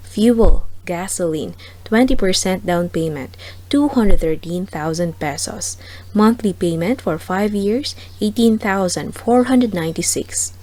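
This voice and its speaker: Slow Filipino woman reading prices. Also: mid-range voice, darkish tone, rough recording. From Philippines. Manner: slow, deliberate item-by-item listing. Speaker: car price channel host. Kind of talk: reading a car price list.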